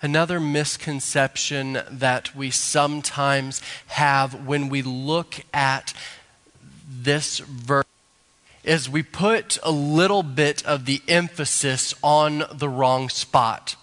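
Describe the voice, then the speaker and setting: A male pastor, preaching a sermon slowly and deliberately, building to emphatic rises. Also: mid-range voice, fairly even intonation, fairly bright tone. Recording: long hall reverb.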